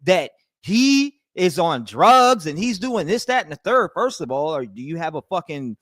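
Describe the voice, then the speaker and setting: Stream host, male, slightly high voice, angry rambling rant with swearing and restarts, dry room. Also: big pitch swings, normal speed, fairly bright tone, dry recording. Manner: heated, profane, rambling with many restarts; reads and answers chat messages. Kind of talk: ranting live stream commentary.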